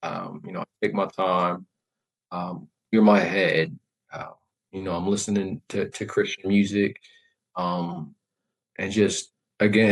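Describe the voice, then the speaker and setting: Man, low voice, flat delivery, reflective, measured, candid interview guest. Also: rough recording. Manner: reflective, measured, with many fillers and restarts. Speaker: podcast guest, Marine veteran.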